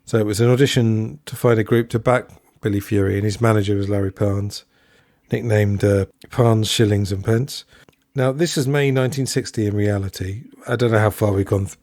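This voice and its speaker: A man's voice: fairly low pitch, darkish tone, no room sound, studio quality. A man hosting a podcast, talking through a film review in a musing, digressive way with asides. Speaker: podcast host. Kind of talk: solo film review commentary.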